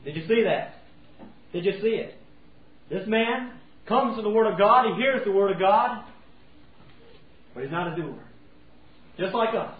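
A man's voice: high-pitched, expressive, measured pace, pauses often. A man preaching a sermon in a folksy way, acting out everyday scenes. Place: church sanctuary. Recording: tinny, roomy, from far off.

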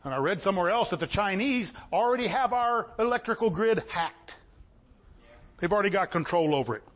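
A man delivers a fiery sermon. His voice sits high and leaps around in pitch, rising to shouts and then sinking into quiet, wry asides. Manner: impassioned, swinging between shouts and low asides. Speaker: preacher.

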